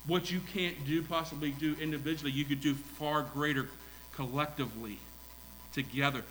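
A man's voice: on the high side, steady tone, normal speed, fairly bright tone, a little hiss or hum, poor audio. A middle-aged married man preaching a sermon, using repetition and rising emphasis and putting questions to his congregation. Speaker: pastor.

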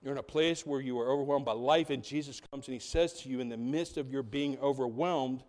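A man's voice: medium pitch, a little fast, few pauses, darkish tone. A man preaching a sermon in a church, full of rhetorical questions and building emphasis. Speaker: pastor. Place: church sanctuary.

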